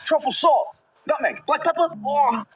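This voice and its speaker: A man hosting a cooking video, narrating recipes in a brash, swearing manner with loud catchphrases. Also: very high voice, moderate pace. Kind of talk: fast punchy cooking narration. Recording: echoey room with loud background noise.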